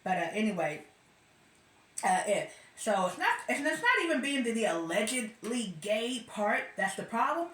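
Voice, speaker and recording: A woman's voice: fairly high pitch, sing-song, moderate pace, a bit bright, reverberant. A woman giving casual commentary as a vlogger, blunt and sarcastic, often trailing off and restarting. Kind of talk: casual opinion monologue.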